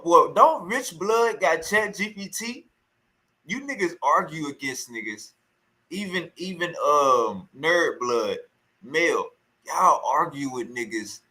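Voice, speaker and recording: Bright-voiced man hyping and taunting. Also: mid-range voice, poor audio. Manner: teasing, repeats taunts over and over. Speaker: streamer reacting to a call. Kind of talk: loud mocking commentary.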